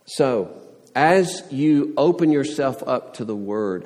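Slow, earnest preaching man in reverberant hall. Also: mid-range voice, animated, darkish tone. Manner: earnest preaching with rising emphatic questions, uses homely illustrations. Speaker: pastor. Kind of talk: sermon.

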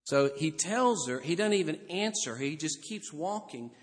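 A man from Alabama with a Southern US accent preaching a sermon, telling the story with animated voices. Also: fairly high pitch, measured pace. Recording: reverberant hall.

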